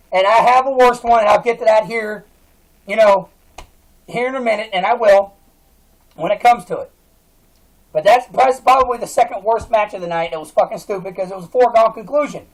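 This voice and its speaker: A man's voice: extremely high pitch, rough recording. Man in a heated, profane rant. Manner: heated, swears constantly, frequent restarts. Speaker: wrestling fan vlogger.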